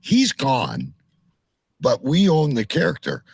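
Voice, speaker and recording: Male host, very animated pitch, raspy fry, dry mic, casual and laid-back. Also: takes it slowly, no room sound. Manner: laid-back, laughs often. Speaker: podcast host. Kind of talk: casual chat.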